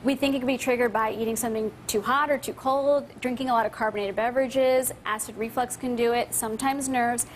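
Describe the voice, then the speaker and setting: A woman doctor with a slightly high voice answers audience questions. She explains in a calm, clear, methodical way, with faint background noise. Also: a little fast, few pauses. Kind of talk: explaining medical answers on a talk show.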